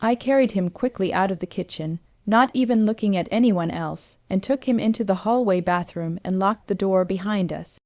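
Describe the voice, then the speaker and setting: A woman narrating a first-person family story as a mother, in a steady, emotional storytelling manner. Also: medium pitch, moderate pace, hardly any pauses, no echo.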